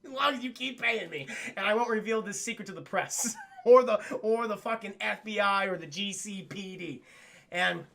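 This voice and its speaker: Long-suffering cartoon butler, sarcastic and deadpan, with a bright gravelly edge, a man doing the voice. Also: sits high, moderate pace, slight background noise. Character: dry, long-suffering older male butler.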